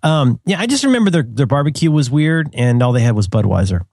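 A middle-aged man in loose podcast chat, his pitch jumping all over as he rambles and restarts his sentences. His voice sits in the middle of the range. The sound is dry and close. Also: very animated, fast, a little mellow, no room sound. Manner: rambling, restarts, playful, laughs at own jokes. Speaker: podcast co-host. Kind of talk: casual chat.

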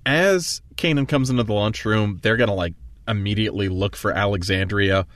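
A man's voice: on the low side, normal speed, fairly bright tone, no echo. A man playing a tabletop role-play, loosely describing his character's actions with many fillers. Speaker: player.

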